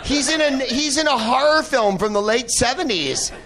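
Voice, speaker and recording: A man's voice: very high voice, animated, moderate pace, a loud crowd, heavy background noise. A man hosting a live podcast in a movie theater, riffing on a film with profane, laughing asides. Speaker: podcast host. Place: old movie theater with audience.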